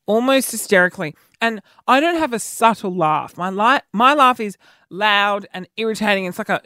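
A man's voice: sharp tone, clean tone, dry recording, clean studio sound. A man telling everyday stories in a casual, self-mocking monologue, acting out what people said. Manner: chatty, self-mocking, acts out quoted dialogue with pitch jumps.

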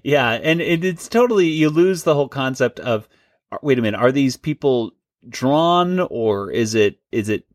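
A man's voice: mid-range voice, expressive, moderate pace, no room sound, studio quality. A man hosting a casual podcast chat, talking loosely and laughing often. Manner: chatty, laughs often, restarts. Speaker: podcast host.

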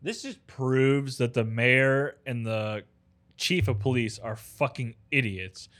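A man's voice: mid-range voice, a bit bright. A man in casual chat about a movie, profane and emphatic, backing up his friend's points. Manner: profane, emphatic, quick to agree.

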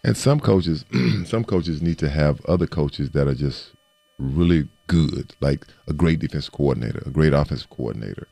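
Man, gravelly voice, very lively pitch, dry close sound, animated storyteller, casual sports talk. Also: moderate pace, dry recording. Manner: animated storyteller, acts out quotes. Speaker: former football player, show co-host.

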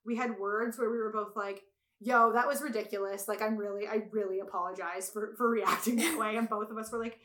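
A young woman telling a story in casual chat, animated and full of swearing, acting out quotes loudly. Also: medium pitch, brisk. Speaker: podcast guest.

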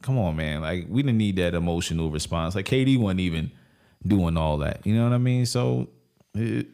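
Male sports talk co-host, low voice, blunt and slangy. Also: expressive, normal speed, vocal fry, mellow. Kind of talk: casual opinionated sports talk.

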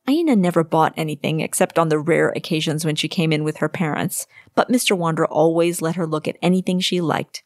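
A woman reading her own story aloud in an expressive storybook narration. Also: deep voice, a little fast, hardly any pauses, no echo, clean studio sound. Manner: expressive, varies voices for characters.

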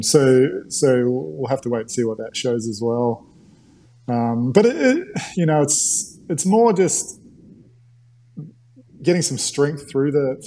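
A man's voice: mid-range voice, mellow, slight background noise, poor audio. A man from New Zealand with a mixed New Zealand and Australian accent, speaking hesitantly and modestly as a guest on a casual chat show. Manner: hesitant, modest, many fillers.

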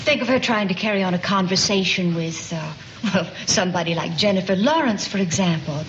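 A woman's voice: lowish voice, brisk, lightly acted. Brief: actress as a honeyed Southern mom pushing her daughter, muffled hissy 1970s TV-film sound. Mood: coaxing. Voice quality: sweet, tactful, honeyed twang. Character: sugary manipulative middle-aged sorority mother. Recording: dull hissy old film audio.

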